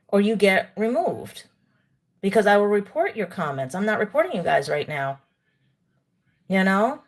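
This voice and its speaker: A woman's voice: mid-range voice, very animated, moderate pace, long pauses. A woman hosts a livestream and talks to her chat in a lecturing, indignant way. She eats while she talks to her viewers. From New York. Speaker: livestream host. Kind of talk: live-stream commentary to chat.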